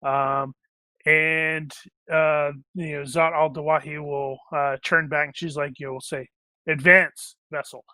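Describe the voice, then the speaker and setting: Game master, male, rambling narration, tense bright tone, dry close mic. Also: a little high, flat delivery, measured pace, no echo. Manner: rambling, many fillers and restarts.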